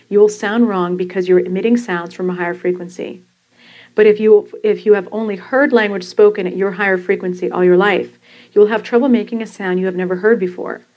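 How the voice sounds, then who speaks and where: A woman and podcast host reading from her own book, explaining language learning in a calm, instructive way. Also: medium pitch, poor audio. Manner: calm, instructive, demonstrating pronunciation.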